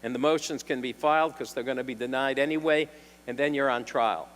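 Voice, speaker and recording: A man's voice: mid-range voice, brisk, a bit bright. Older New York man telling stories. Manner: anecdotal, wry, with restarts and throat clearing. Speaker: defense attorney speaker. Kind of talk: storytelling talk. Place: lecture hall. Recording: long hall reverb.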